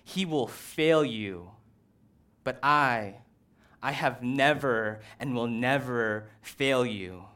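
A man's voice: medium pitch, slow pace, a bit bright, clean tone. A man voicing God as a patient, wounded king who pleads with his people during a sermon. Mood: pleading. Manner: pleading, reminding.

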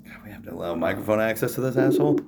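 A man's voice: fairly low pitch, lively intonation, racing, creaky, noisy background. A man co-hosting a podcast, talking in loose, crude, joking banter. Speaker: podcast co-host.

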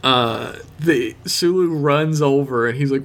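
A man's voice: mid-range voice, measured pace, hardly any pauses, a bit bright. A man co-hosting a podcast, chatting casually and jokily as he recaps a TV episode, laughing often and acting out quotes. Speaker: podcast co-host.

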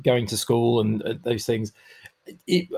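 A man's voice: medium pitch, flat delivery, unhurried, creaky, a little mellow, husky. Thoughtful, self-deprecating male podcast host. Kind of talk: conversational podcast chat.

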